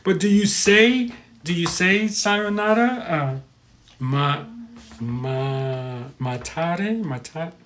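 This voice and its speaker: A man's voice: a little high, animated, extremely slow, a bit bright. An American man hosting a live stream, chatting casually, reading viewer comments and stumbling over pronunciations.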